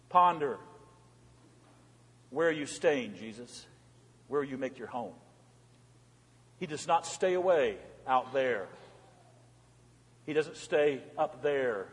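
A man preaching a sermon as pastor, emphatic, asking the congregation repeated rhetorical questions. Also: medium pitch. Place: church sanctuary. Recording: long church reverb.

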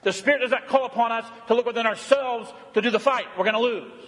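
A man preaching a sermon as pastor, emphatic and repetitive, often dropping to a quiet, intense delivery. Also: extremely high pitch, quick pace, few pauses, long reverb tail.

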